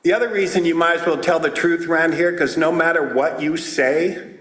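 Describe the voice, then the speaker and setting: A man giving a comedic recovery talk at a twelve-step meeting, telling stories loudly and acting out the people in them. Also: on the high side, fairly quick. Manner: loud, animated storytelling with voiced characters. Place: meeting hall. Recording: roomy hall with audience laughter.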